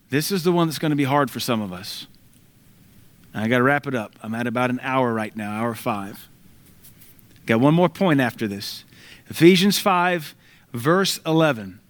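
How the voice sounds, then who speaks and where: A middle-aged man preaching a sermon, emphatic and quoting scripture, now and then mimicking voices for effect. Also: on the high side.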